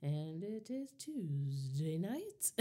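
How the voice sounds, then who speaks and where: A woman's voice: deep voice, sing-song, very slow, mellow. A woman co-hosting a casual talk, speaking candidly and reflectively and often checking in with her listener. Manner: candid, reflective, often asks "you know what I mean". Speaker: podcast co-host. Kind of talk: casual chat.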